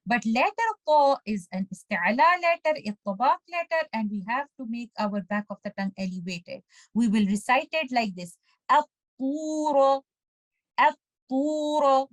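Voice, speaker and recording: High-voiced woman teaching recitation, dry sound. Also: animated, no echo, poor audio. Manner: patient and methodical, slowing down to demonstrate words syllable by syllable. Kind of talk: step-by-step tajweed lesson with recited examples.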